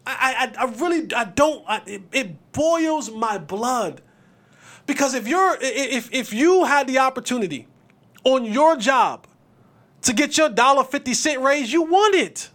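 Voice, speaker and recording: A man's voice: very high voice, fairly bright tone. A man hosting a podcast, giving passionate sports commentary in a casual rant, often restarting his words. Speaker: podcast host.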